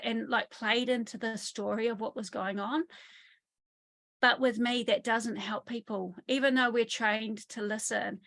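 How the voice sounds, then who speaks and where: A woman working as a trauma therapist, speaking in an online interview from her country home over a video call, telling lively stories and acting out what people said. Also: on the high side, moderate pace. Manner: lively storytelling, often acts out quotes.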